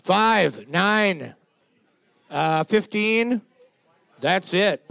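A man's voice: high-pitched, animated, very slow, gravelly, fairly bright tone, dry recording. A man co-hosting a trivia night, reading out team numbers and trading offhand quips. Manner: quips with dry, offhand humor. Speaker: trivia co-host and scorekeeper. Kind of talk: casual banter and reading out scores.

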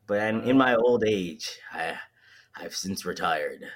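A man's voice: on the low side, expressive, takes it slowly. A man in his twenties co-hosting a podcast, ranting in loose, profane slang during a casual chat. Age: 20s. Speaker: podcast co-host.

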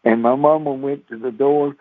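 A man's voice: mid-range voice, fairly even intonation, moderate pace, no echo. A man, preaching on the radio with a folksy, repetitive storytelling manner. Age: 60s. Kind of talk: radio sermon with personal story. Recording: dry phone-like radio sound.

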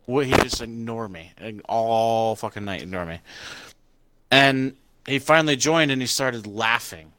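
A man's voice: medium pitch, measured pace, smooth, no room sound. A young man casually chatting, telling stories animatedly and swearing a lot. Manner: profane storytelling, laughing and animated. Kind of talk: casual chat.

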